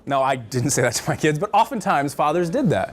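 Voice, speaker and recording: Teaching a church marriage class to a live group in a classroom, a middle-aged male counselor speaks briskly in a fairly high voice. His pitch swings widely as he jokes around and does little voices for the quotes, while a faint hiss sits behind him.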